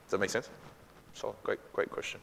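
A man, a pastor, answering questions from his congregation in a casual, animated way, acting out little quoted exchanges. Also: fast talker, in a large hall, slight background noise. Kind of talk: church Q&A teaching.

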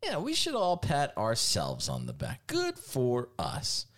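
Animated sarcastic male podcast host. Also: medium pitch, slow. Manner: sarcastic, jokey, animated delivery. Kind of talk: casual podcast banter with ad reads.

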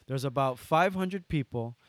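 Animated Hawaiian man telling stories. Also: medium pitch, measured pace, dry recording, clean studio sound. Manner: animated, swings from loud bursts to soft asides. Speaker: guest entertainer. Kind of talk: storytelling interview.

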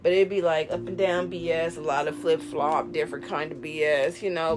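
Animated slangy woman ranting over music. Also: lowish voice, fairly quick, hardly any pauses. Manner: animated, slangy, rants with mocking quoted voices. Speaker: host. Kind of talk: casual commentary chat.

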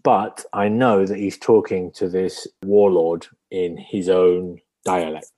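Wry low-voiced male podcast host. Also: fairly even intonation, slow, warm tone. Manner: dry, wry, playful. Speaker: podcast co-host guessing film accents. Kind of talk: casual podcast chat.

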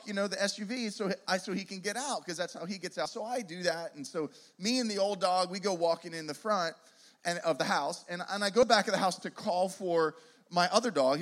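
A man's voice: sits high, a bit bright. A middle-aged man speaking to a live audience, telling a humorous, self-deprecating story with many restarts and asides. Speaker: youth ministry speaker.

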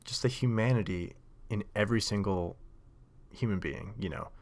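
A man's voice: on the low side, moderate pace. A man hosting a show, telling a story in a rambling, casual monologue full of fillers and self-corrections. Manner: rambling, lots of likes and self-corrections, laughs often. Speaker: podcast host.

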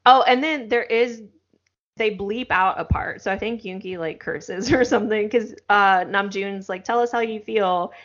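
A woman's voice: mid-range voice, normal speed, fairly bright tone, dull audio. A woman co-hosting a podcast in a casual, chatty way, with many fillers. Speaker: podcast co-host. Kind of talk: casual chat.

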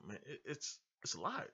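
A man with a mid-pitched, very bright voice tells stories in easy slang. His intonation moves a lot. The recording sounds dull. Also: wildly swooping pitch, measured pace, husky. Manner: laid-back, slangy storytelling. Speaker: podcast guest, rapper. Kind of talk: casual chat.

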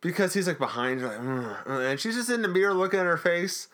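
A man's voice: sits high, lively intonation, fast, fairly bright tone. A man co-hosting a podcast, recapping an episode in a chatty, jokey way. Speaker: podcast co-host. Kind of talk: casual recap chat.

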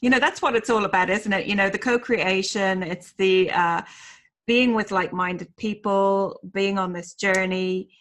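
A woman's voice: mid-range voice, fairly even intonation, normal speed. Irish woman hosting a chatty podcast. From Ireland. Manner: warm, effusive thanks, chatty. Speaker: podcast host. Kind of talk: casual interview chat.

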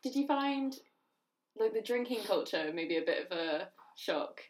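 A woman's voice: mid-range voice, animated, measured pace, far from the mic. A young woman from the UK hosting a casual chat, laughing often as she talks. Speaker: host.

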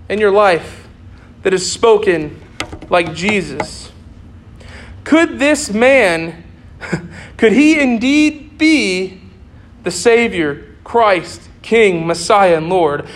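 A young man preaching a sermon in an earnest way, repeating key phrases for emphasis. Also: sits high.

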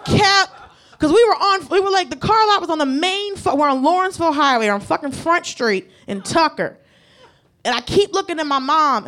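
A woman tells a stand-up story. She is profane and animated, and she acts out the people in it. Her delivery swings from loud to hushed. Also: high voice, moderate pace. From United States. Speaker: stand-up comedian. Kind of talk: stand-up comedy set.

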